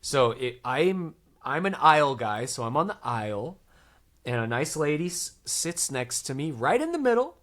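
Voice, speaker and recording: A man in his thirties tells a story on a podcast, his pitch swinging widely as he acts out what everyone said. His voice sits a little higher than most men's. The talk is loose and chatty. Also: normal speed. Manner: animated, acts out quotes in lively voices. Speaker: podcast co-host. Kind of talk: casual storytelling chat.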